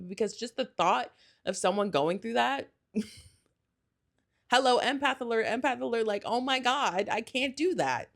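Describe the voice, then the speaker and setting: A woman's voice: fairly high pitch, expressive, moderate pace, creaky. Rambling, gushing young woman podcaster. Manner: gushing, rambling, with frequent "like" and self-corrections. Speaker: podcast host. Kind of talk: casual solo podcast chat.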